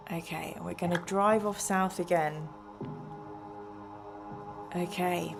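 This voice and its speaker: A woman's voice: fairly low pitch, steady tone, takes it slowly, creaky, pauses often. A woman hosting a live gamebook play-through, reading passages aloud and counting the chat's votes in a chatty way. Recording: faint music behind.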